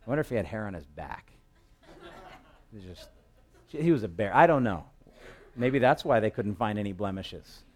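Guy preaching a sermon, lowish voice, jokey storytelling, gets loud and high when it builds. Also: normal speed, long pauses. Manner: lively storytelling with humor and dramatic quotes; rises loud and high at emotional peaks. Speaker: pastor.

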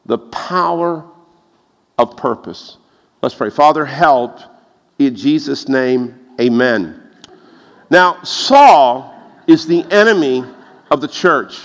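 A man preaching a lively sermon, telling stories and laughing at his own jokes. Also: slow pace. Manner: animated, laughs at his own jokes, rises in pitch when excited. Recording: long reverb of a large hall.

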